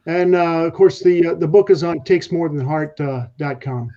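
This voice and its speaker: A man's voice: fairly high pitch, fairly even intonation, moderate pace, warm tone, highs cut off. A man guest on a podcast, telling leadership stories in a rambling way with many fillers. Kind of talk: casual podcast talk.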